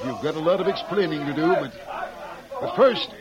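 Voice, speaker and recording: A man's voice: a little high, lively intonation, normal speed, highs cut off, natural voice. An actor playing a worried railroad boss and father in a 1940s radio drama, earnest and pleading. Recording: old radio drama, crowd behind.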